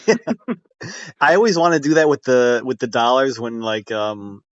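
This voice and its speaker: A man's voice: mid-range voice, animated, unhurried, no echo, muffled recording. A man co-hosting a casual chat, rambling and hesitant, often trailing off mid-thought. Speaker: podcast co-host.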